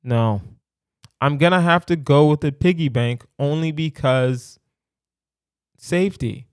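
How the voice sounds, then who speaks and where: A young adult man hosting a solo comedy podcast, thinking out loud in a playful, rambling way and checking in with "right?". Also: a little high, unhurried, smooth, dry recording, clean studio sound.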